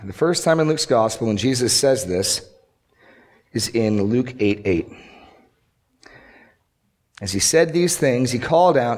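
A man's voice: mid-range voice, lively intonation, a little slow, long pauses. Man preaching an earnest expository sermon. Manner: earnest expository preaching, rhetorical questions, repeats key lines. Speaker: pastor.

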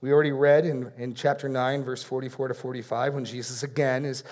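A man's voice: medium pitch, little pitch movement, fairly quick. Earnest male preacher repeating key phrases. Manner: earnest, repeats key phrases for emphasis, drops soft on solemn points. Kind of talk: expository sermon.

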